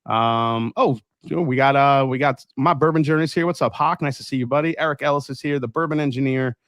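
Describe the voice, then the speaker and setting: A man's voice: medium pitch, brisk, a bit bright, no echo, clean studio sound. A man hosting a casual livestream tasting, upbeat, greeting viewers by name and reading their comments aloud. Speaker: livestream host.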